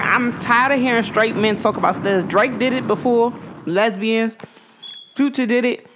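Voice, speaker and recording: A woman's voice: on the high side, moderate pace, noisy background. A woman co-host in casual podcast banter, ranting bluntly and profanely.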